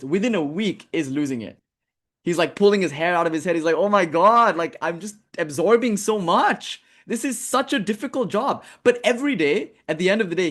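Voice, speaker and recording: A man giving a spiritual lesson, reading a text aloud and breaking off into casual, chatty commentary. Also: sits high. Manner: casual, chatty asides, frequent "like". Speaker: spiritual teacher.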